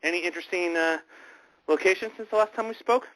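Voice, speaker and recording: A man hosting a casual online radio chat, talking in a halting, rambling way with many restarts. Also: high voice, a bit bright, rough recording. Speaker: host.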